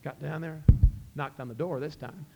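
A middle-aged man with a Southern Appalachian accent, telling a folk tale to a live audience in a folksy, relaxed way. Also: fairly high pitch, normal speed, vocal fry, very noisy. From Scott County, Virginia. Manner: folksy, relaxed, addresses listeners as friends. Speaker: storyteller and musician.

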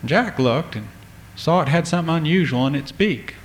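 A man's voice: on the high side, animated, moderate pace, slight background noise. A man telling a folk tale in a folksy, drawling way, talking to the listener. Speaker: storyteller.

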